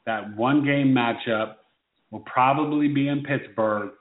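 A man co-hosting a casual sports talk show, animated and teasing as he riffs on the season. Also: mid-range voice, a little slow. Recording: phone-like tinny echoey sound.

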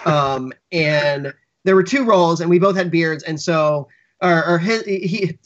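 A man's voice: on the high side, measured pace, fairly bright tone, slight background noise. A man, a writer and actor, telling rambling anecdotes as a podcast guest with lots of restarts, on dull lo-fi audio. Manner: rambling storyteller, many restarts and fillers. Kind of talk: casual anecdote in podcast interview.

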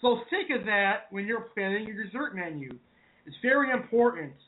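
High-voiced New man, tinny audio. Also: lively intonation, normal speed. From Massachusetts, New England. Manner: chatty, addresses viewers as folks. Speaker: cooking show host. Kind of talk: casual online show talk.

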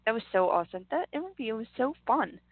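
A woman with a fairly high voice co-hosting a radio show in upbeat, encouraging banter. The sound is dry and close, squeezed into a thin phone-like band. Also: big pitch swings, fast talker, dry recording. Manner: encouraging, upbeat, laughs often.

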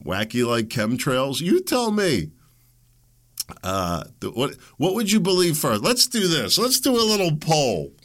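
Middle-aged male podcast host, solo casual monologue, rambling and wry, pitch leaps around a lot. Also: a bit bright. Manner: rambling, wry, chuckles at his own jokes.

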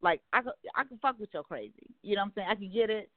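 Here a talk show guest speaks fast in a medium-pitched voice with lively intonation, with no echo at all. Outgoing and outspoken, she swears freely while being blunt and candid about dating in a casual chat. The sound is dry and narrow, phone-like.

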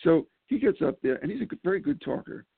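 A man's deeply gravelly, husky voice comes through a thin, phone-like line. He talks casually as an interview guest. He tells stories animatedly, stumbles into restarts and laughs often. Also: big pitch swings, fast talker, no echo. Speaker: political candidate guest. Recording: phone-like call audio.

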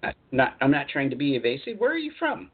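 A call-in radio show host who is also a channeler talks in a rambling, chatty way and laughs easily. His mid-range voice is husky and quick, with huge pitch swings, and the audio has a tinny phone-line sound.

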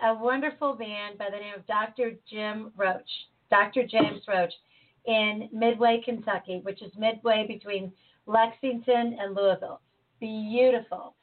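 A woman from Chicago talking in an animated, casual way and quick to jump in. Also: on the high side. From Chicago, USA. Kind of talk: casual conversation. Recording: tinny phone-like line.

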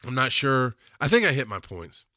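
A man's voice: medium pitch, sing-song, moderate pace, bright, forceful tone, dry recording, clean studio sound. A man hosting a solo podcast, talking bluntly and with lots of swearing, and often working himself up into heated rants. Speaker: podcast host.

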